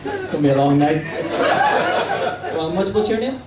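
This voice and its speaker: With a fairly high voice that swings wildly in pitch, a male comedian performs stand-up at normal speed, chatting cheekily with the audience and teasing them. The live venue recording is roomy and distant, with crowd noise throughout.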